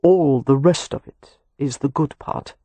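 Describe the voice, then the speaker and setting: A man's voice: medium pitch, unhurried, mellow, no room sound, lightly acted. An audiobook narrator voicing a weary, protective Romany man who talks with dry sarcasm and turns earnest when tender. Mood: wry.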